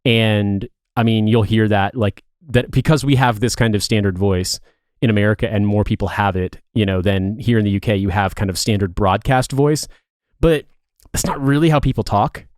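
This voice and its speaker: Low-voiced rambling, profane man. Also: moderate pace, a little mellow, no echo, studio quality. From Indiana. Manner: rambling, profane, self-correcting. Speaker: podcast co-host. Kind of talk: casual chat.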